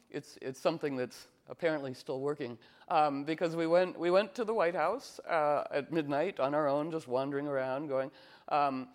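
A man with a slightly higher voice gives a loose, informal spiritual talk. He tells playful stories and slips into acting out the people he quotes. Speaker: spiritual teacher.

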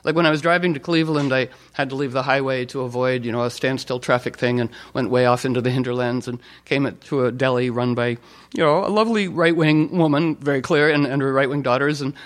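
At medium pitch with fairly even intonation, a man speaks fast through an informal talk. He wanders, uses fillers, restarts often, and acts out the people he quotes in playful stories.

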